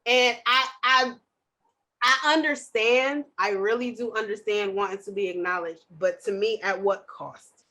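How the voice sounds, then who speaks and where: A woman hosting a podcast in casual chat, loud and passionate as she talks. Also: a little high, normal speed. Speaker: podcast host.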